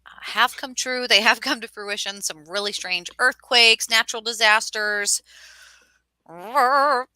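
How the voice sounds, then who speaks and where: Co-host, woman, bright and animated, dry close sound. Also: fairly high pitch, unhurried, no echo, low-quality recording. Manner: lively, animated storytelling. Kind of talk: casual chat.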